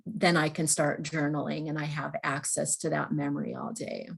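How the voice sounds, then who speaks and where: Female podcast guest, low voice, thoughtful and halting. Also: steady tone, vocal fry. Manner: thoughtful, hesitant, with restarts. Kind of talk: conversational podcast talk.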